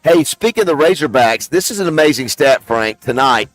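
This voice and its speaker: A male radio morning host, talking sports in a chatty, halting way on a live remote broadcast. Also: medium pitch, lively intonation, soft background music. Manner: chatty, halting, many fillers. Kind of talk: live on-location radio chat.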